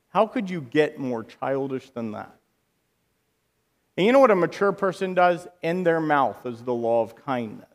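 Slow, animated male preacher in a reverberant hall. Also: medium pitch. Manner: animated, acts out quoted voices, rises to loud bursts. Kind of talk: sermon.

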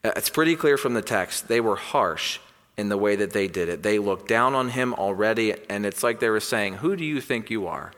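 A man preaching a sermon with a bright, ringing voice. He swings from loud, emphatic declarations to hushed, quiet lines. His voice carries a long reverb, as in a large hall. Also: fairly low pitch, moderate pace. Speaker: pastor.

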